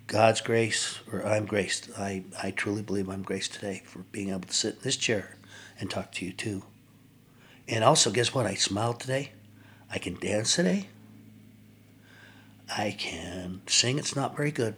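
An older man, a podcast guest, telling his personal recovery story in an earnest, reflective way with frequent pauses. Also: fairly low pitch, fairly bright tone, slight background noise.

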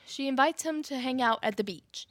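Chatty high-voiced woman, dry sound. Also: moderate pace, dry recording. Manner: chatty retelling with quoted dialogue, many "like"s. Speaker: podcast co-host recapping a film. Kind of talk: casual chat.

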